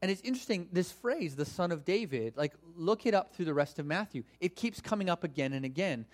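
A man delivering a sermon in a relaxed, conversational teaching style, full of asides and questions to his listeners. His voice sits a little higher than most men's. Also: a little fast. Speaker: pastor.

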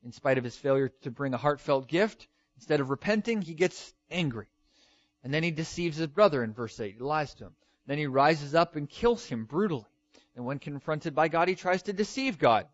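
A man's voice: on the high side, expressive, normal speed, no room sound, lo-fi sound. A man preaching a sermon with emphatic delivery, often acting out the lines he quotes. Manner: emphatic, dramatic with acted-out quotes. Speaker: pastor.

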